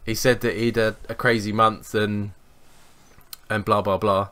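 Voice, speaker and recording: A young man, co-hosting a podcast and telling sweary, animated anecdotes in casual chat. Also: lowish voice, measured pace. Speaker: podcast co-host.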